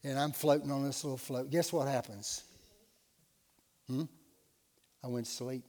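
A man preaching a sermon as pastor, telling a personal story and then building to loud, emphatic exhortation. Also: mid-range voice, fairly even intonation, unhurried, long reverb tail.

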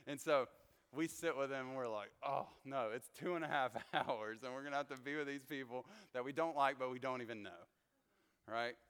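A man leading a Bible study, telling stories in a chatty, animated way with many fillers. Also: medium pitch, a little fast, smooth. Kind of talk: casual storytelling Bible study talk. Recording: long hall reverb.

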